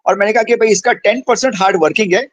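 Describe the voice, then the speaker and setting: Older man, Indian English accent, high voice, brisk storytelling, mixes in Hindi, dry close sound. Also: dry recording, poor audio. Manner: acts out dialogue, switches between English and Hindi. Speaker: senior cardiologist, interview guest. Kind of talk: animated personal storytelling.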